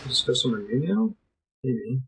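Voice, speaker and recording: A man's voice: mid-range voice, sing-song, normal speed, fairly bright tone, a little hiss or hum, poor audio. A young man streaming a game live, chatting with viewers as he plays and cursing at the game now and then. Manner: chatty, talks to chat while playing, swears at the game. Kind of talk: casual live-stream commentary. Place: home streaming setup.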